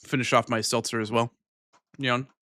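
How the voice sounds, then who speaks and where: A man's voice: mid-range voice, level tone, pushed and bright, no echo. A man live streaming, chatting casually with viewers, swearing freely and tacking a playful verbal tic onto his sentences between bites of food. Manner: loose, swearing, ends lines with a cat-like "nyan" tic; talks while eating, mumbled and unhurried.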